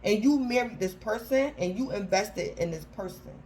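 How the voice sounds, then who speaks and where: A woman reads tarot cards in a loose, chatty way, her voice sitting at a middle pitch. She talks in slangy, informal phrasing, restarts her sentences and keeps calling out to her listener by star sign. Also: expressive, normal speed, a little mellow, slight background noise, rough recording. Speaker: tarot reader. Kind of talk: casual tarot reading to camera.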